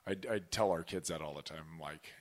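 A man hosting a podcast in casual chat, talking in an animated, rambling way and swearing casually. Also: very deep voice, a little fast. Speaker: podcast host.

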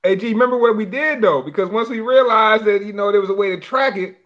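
A man's voice: high voice, fast, highs cut off. A man on a podcast panel who keeps cutting in, laughing as he retells a story. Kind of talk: animated casual chat.

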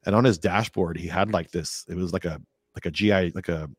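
A man with a deep, low voice tells long, rambling stories in a relaxed podcast chat, jumping up in pitch whenever he acts out what someone said. The sound is dry and close, with no room around it. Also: brisk, no echo. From California. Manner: rambling, animated, acts out quotes in a higher voice. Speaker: podcast guest. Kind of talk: casual storytelling interview.

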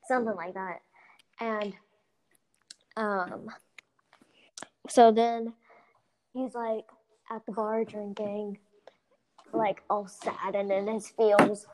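A woman's voice: medium pitch, steady tone, extremely slow, pauses often, darkish tone, slight background noise. A woman casually retelling a movie's plot in a rambling way, full of "like" and "blah blah". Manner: rambling, filler-heavy retelling with lots of "like" and "blah blah". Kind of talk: casual chat.

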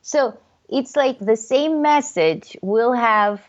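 A woman in casual chat, talking in an animated way and acting out different tones of voice. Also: a little high, slow pace, dull audio.

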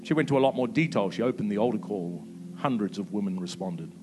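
A man, preaching a sermon with impassioned emphasis that rises to peaks and drops soft. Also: fairly low pitch, expressive, fast, music in the background. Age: 50s. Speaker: pastor.

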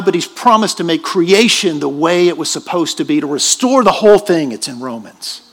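A man's voice: fairly high pitch, a bit bright. A man preaching a sermon in a church, emphatic and questioning his congregation. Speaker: pastor.

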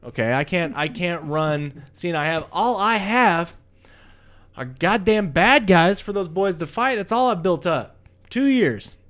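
A man's voice: high-pitched, expressive, unhurried, a bit bright. A man voicing a big, bossy wrestling booker who scolds and swears while barking orders. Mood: ranting.

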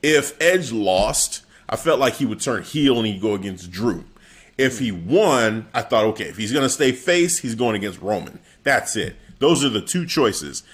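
Animated man recapping wrestling. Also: on the low side, moderate pace. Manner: animated, laughing, acting out quotes. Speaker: wrestling podcast co-host. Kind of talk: casual chat recapping a show.

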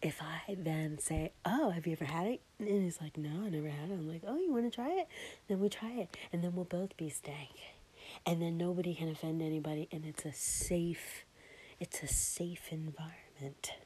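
A woman's voice: low voice, brisk, dark tone, a little hiss or hum. A woman hosting her own show, telling a rambling personal story and dropping into a whisper for her thoughts. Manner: chatty, often drops into a whisper for inner thoughts. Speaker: podcast host. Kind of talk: casual storytelling.

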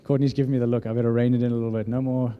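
A man in his thirties preaching a sermon, telling a story and acting out the dialogue with lively energy. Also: medium pitch, racing, clear, resonant tone, highs cut off. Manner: animated storytelling, acts out dialogue. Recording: echoey hall reverb.

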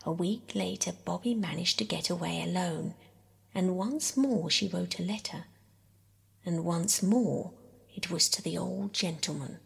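A woman reading a classic children's novel aloud in a hushed bedtime whisper. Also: fairly low pitch, a little slow, gravelly, husky. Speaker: audiobook reader. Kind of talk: whispered bedtime story narration.

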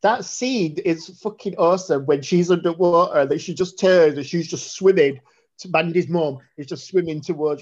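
A man's voice: on the high side, highs cut off. Sweary man chatting about films. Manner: blunt, sweary and animated. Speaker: podcast co-host. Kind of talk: casual film discussion.

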